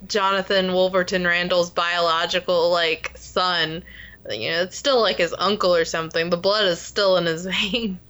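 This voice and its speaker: A woman co-hosting a casual TV recap chat, telling the story in an animated way and laughing often. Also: on the low side, normal speed. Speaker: podcast co-host.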